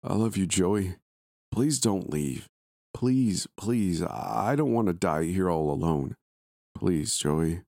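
A man voicing a starving female tree spirit who begs and pleads softly in a horror story. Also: low-pitched, animated, slow pace, gravelly, no echo, studio quality, full character voice. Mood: pleading. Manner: soft, wheedling and pleading.

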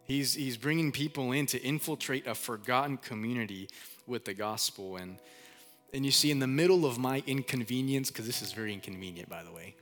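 A man's voice: medium pitch, a little fast, a bit bright, soft background music. A man preaching a sermon in a church, talking casually, repeating himself a lot and asking the congregation to call out answers. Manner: casual, repeats phrases, lots of "like". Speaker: pastor.

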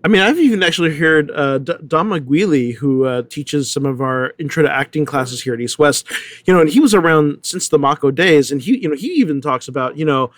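A man's voice: on the high side, fairly quick, no echo. A man on a panel talking in a chatty way, full of fillers and light laughs. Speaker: actor, acting teacher. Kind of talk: panel discussion.

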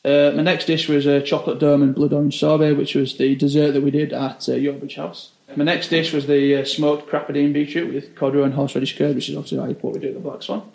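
A young British chef telling stories in a casual interview, rambling and filling every phrase with "like". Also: male voice, fairly high pitch, flat delivery, quick pace, gravelly, hardly any pauses, darkish tone, roomy sound. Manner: rambling, says 'like' constantly.

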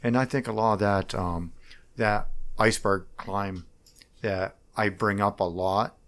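A middle-aged man talking about himself as a political candidate in a casual interview, halting and rambling with frequent restarts. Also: on the low side, fairly even intonation, fairly bright tone.

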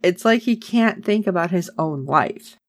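A woman's voice: on the low side, animated, a little slow, no echo, clean studio sound. A woman chatting casually as a podcast co-host, recapping a TV episode with sarcasm and acting out the characters' lines.

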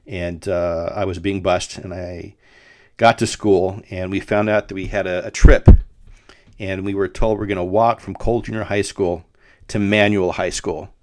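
Middle-aged guy rambling through an old memory on his podcast, low voice, dry sound. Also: steady tone, normal speed, no echo. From Denver, Colorado. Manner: rambling, with frequent fillers and restarts. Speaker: podcast host. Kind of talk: casual storytelling monologue.

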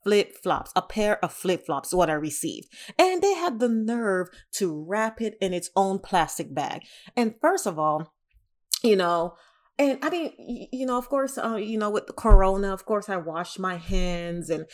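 A woman vlogging casually, telling an exasperated story with lots of fillers and big jumps in pitch. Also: measured pace. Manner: animated, exasperated, lots of "you know" fillers.

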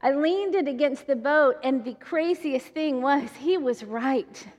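A woman giving a sermon to women, telling a personal story in an animated way and laughing often. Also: high voice, a little slow, slight background noise. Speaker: women's ministry speaker. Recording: long reverb of a large hall.

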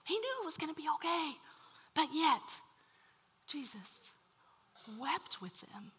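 A woman preaching a sermon to a room, telling a story with animated swings from loud to hushed. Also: high voice, slow pace. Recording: long hall reverb.

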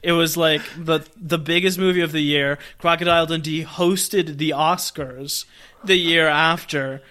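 A man with a bright, forceful voice and a slightly high pitch, chatting casually about movies. He is enthusiastic and chuckles through his points, like a podcast co-host in a relaxed review. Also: unhurried. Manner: enthusiastic, chuckles while explaining. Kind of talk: casual film review chat.

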